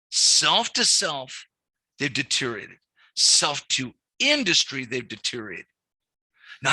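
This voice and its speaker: A middle-aged man gives a classroom lecture on commercial lending, weaving in anecdotes and speaking conversationally with frequent restarts and repeated words. His voice runs on the high side with a sharp tone, and there's no room sound.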